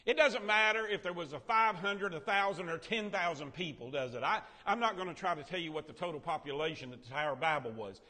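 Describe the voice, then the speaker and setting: A man's voice: a little high, quick pace, few pauses. A man teaching a Bible lesson to a Sunday school class in a church room, quizzing the class and joking as he goes. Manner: animated, quizzes and jokes with the class. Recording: reverberant room.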